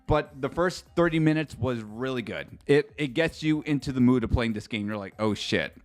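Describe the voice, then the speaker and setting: A man's voice: mid-range voice, normal speed, soft background music. Chatty man streaming a live reaction. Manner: chatty and rambling, swears casually, talks to chat.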